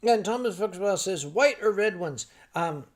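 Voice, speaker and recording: A man's voice: high voice, expressive, measured pace. An older man hosting a casual livestream, reading out viewer comments with rambling, wry remarks and many fillers and restarts. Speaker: livestream host.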